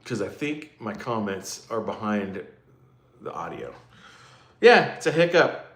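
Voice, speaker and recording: A man's voice: lowish voice, very animated, a little slow, fairly bright tone, roomy sound. A man hosting a casual livestream, chatting loosely with his viewers and poking fun at himself as he rambles. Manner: rambling, self-mocking, chatty with live comments. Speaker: livestream host.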